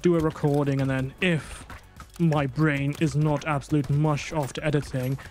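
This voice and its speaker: A man's voice: normal speed, soft background music. A tired man commenting on his gameplay, English not his first language, rambling and self-mocking. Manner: excitable, rambling, self-mocking, jumps to high squeaks when panicking. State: tired late at night. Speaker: gaming YouTuber.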